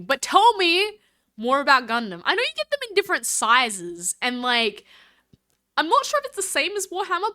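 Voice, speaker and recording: A woman's voice: sits high, pushed and bright. A woman chatting casually on a live stream, reading chat aloud and thanking viewers in a bubbly, scattered way.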